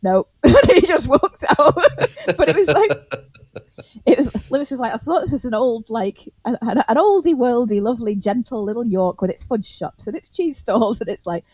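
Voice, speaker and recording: Chatty woman, somewhat high voice, dry close sound, rambling and laughing through a story, swearing freely. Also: animated, moderate pace, a little mellow, no room sound. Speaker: podcast co-host. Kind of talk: casual storytelling chat.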